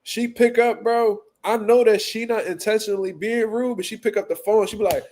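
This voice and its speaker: A male boxing talk show host spins profane comic stories in a loose, animated way, repeating himself and laughing. His voice sits a touch higher than most men's. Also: a little fast, few pauses. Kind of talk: casual comedic storytelling.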